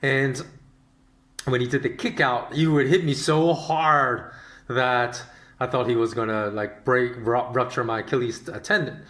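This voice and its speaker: A male podcast host telling stories in a casual, rambling, animated monologue with many fillers. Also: mid-range voice, measured pace, echoey room.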